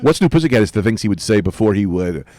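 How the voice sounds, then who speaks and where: A man's voice: lowish voice, very animated, quick pace, warm tone, a little hiss or hum. A middle-aged man, a guest comedian in casual podcast chat, telling crude, riffing, joking stories.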